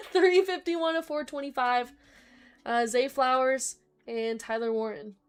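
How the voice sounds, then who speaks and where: A young woman hosting a live card break stream, quickly reading off player names and chatting with viewers. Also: sits high, smooth. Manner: rapid listing of names, chatty asides to viewers. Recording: faint background music.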